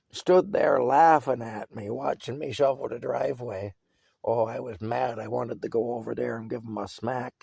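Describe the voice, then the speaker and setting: An older man with a gravelly, fry-laced voice spins a rambling childhood story, chuckling now and then. His pitch sits in a middle range for a man. The sound is dry and close, with no room around it. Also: warm tone, no echo. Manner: rambling, chuckling, filler-heavy. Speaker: vlogger. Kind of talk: casual storytelling monologue.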